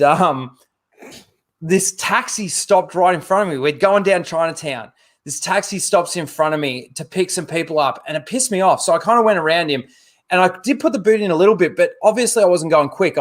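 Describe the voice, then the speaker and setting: An Australian man co-hosting a podcast, telling a crude story with a lot of energy. His voice sits a little high. He talks casually and swears freely. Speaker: podcast co-host.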